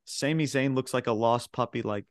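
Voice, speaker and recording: A man's voice: medium pitch, steady tone, normal speed, no echo, studio quality. A man co-hosting a podcast, recapping wrestling in loose, rambling casual chat full of filler words, acting out what people said. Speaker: podcast co-host.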